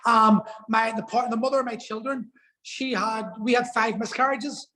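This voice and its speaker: A man's voice: very high-pitched, steady tone, moderate pace, pushed and bright, low-quality recording. A man telling a personal story as a podcast guest, earnest and emotional, swearing for emphasis.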